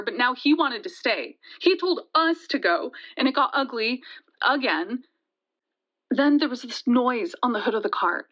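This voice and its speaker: A shaken young woman, played by an actress, tells her story in a fairly high voice, halting and stumbling over repeated words. The audio drama sound is dull and lo-fi. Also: a bit bright. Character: shaken young woman retelling a deadly night.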